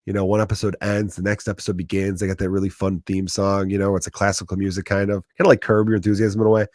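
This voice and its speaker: A man's voice: low-pitched, flat delivery, fast, darkish tone, no echo, studio quality. A man in his thirties with a Chicago accent, a comedian hosting his podcast and ranting in a profane comedic monologue. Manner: profane, ranting, acts out quoted voices.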